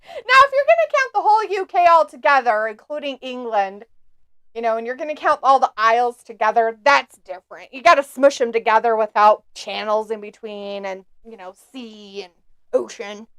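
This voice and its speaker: Chatty woman with a smooth voice. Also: on the high side, expressive, normal speed, a bit bright, no room sound. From United States. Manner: chatty, reads viewer comments aloud, giggles often. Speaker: co-host of a live watch-along stream. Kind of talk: casual live-stream chat.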